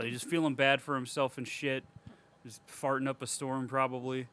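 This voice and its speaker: Bright-voiced, profane joking man. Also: medium pitch, brisk, a little hiss or hum. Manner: profane, joking, animated retelling. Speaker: podcast co-host. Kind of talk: casual chat.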